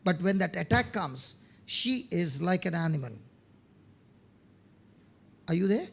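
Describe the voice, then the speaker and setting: A man's voice: sits high, animated, unhurried, creaky, a bit bright, slightly rough. A man preaching a sermon, telling testimony stories, often checking in with his listeners and repeating words as he starts phrases.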